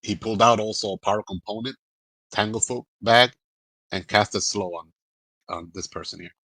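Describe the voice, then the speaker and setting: A man's voice: lowish voice, normal speed, bright, forceful tone, no echo, rough recording. A man playing a tabletop game, describing his character's spell in a rambling way, full of ums and likes. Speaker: player.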